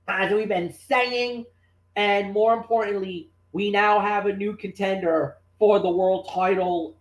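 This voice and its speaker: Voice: medium pitch, echoey room, low-quality recording. A co-host on a wrestling podcast, talking in a loose, rambling way with fillers before handing over to his partner. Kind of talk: casual chat.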